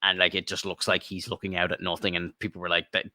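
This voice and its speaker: Deep-voiced excitable podcast guy. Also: fast talker, no room sound, clean studio sound. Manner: excited, swearing, rambling fanboy talk. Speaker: podcast co-host. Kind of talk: casual chat.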